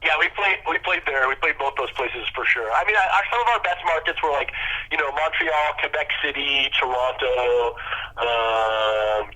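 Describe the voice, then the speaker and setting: An American man, a musician guest in an interview, talking in a rambling, halting way with lots of restarts. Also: mid-range voice, bright, forceful tone, low-quality recording. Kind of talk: casual interview chat.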